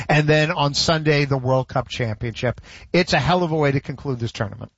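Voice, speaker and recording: A man hosting a sports talk show, giving quick, opinionated takes in casual conversation. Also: a little high, dry recording, highs cut off. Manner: energetic, quick opinionated delivery.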